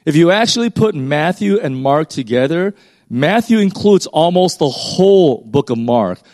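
A man's voice: a little high, expressive, moderate pace, a little mellow, dry recording, studio quality. A man, a pastor, reading a Bible passage aloud and then explaining it in a casual teaching voice with fillers and restarts.

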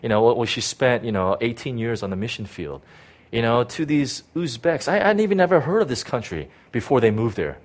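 Halting middle-aged man giving a testimony. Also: mid-range voice, expressive. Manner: halting, repeats words, many "you know"s. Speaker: pastor. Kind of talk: personal testimony sermon.

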